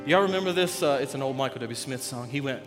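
A man preaching a sermon, animated and folksy, joking with the congregation. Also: mid-range voice, fast talker, over music. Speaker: pastor. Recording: long reverb of a large hall.

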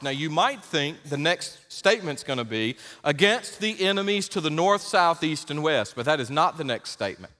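A male pastor delivering an emphatic sermon, rising to loud exhortation. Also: a little high, expressive, moderate pace, hardly any pauses, big-room sound.

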